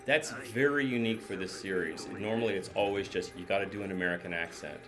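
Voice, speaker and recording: A man with a very deep voice gives relaxed live reactions to a TV episode and muses aloud between small laughs. The episode's music plays clearly behind him. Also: fast talker. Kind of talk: casual live reaction commentary. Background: episode soundtrack music playing.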